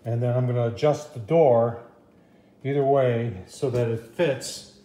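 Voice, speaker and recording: A folksy man talks viewers through a hands-on assembly in an easygoing, chatty way. He keeps calling his listeners "folks" and drops in "I tell you what". His voice sits at an ordinary pitch and rings in a roomy space. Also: unhurried, mellow. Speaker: product reviewer. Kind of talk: casual how-to narration. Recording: roomy echo.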